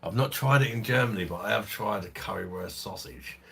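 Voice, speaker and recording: A middle-aged man with a London accent softened by years in Kent, hosting a casual live stream and answering viewers by name with swearing and frequent laughs. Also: brisk. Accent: London English, softened by years in Kent. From London, England. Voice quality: husky deep voice. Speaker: host of a beer review channel livestream.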